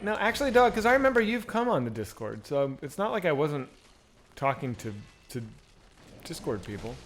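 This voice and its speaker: Man, game streamer, casual live commentary, very animated pitch, talks back to viewers, salty language. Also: slight background noise. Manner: animated, swears freely, chats back to viewers.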